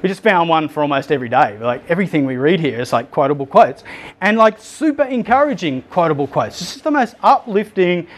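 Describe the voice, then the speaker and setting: A man preaching in a casual, animated way, retelling a Bible story with lots of filler words. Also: a little high, brisk. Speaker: pastor.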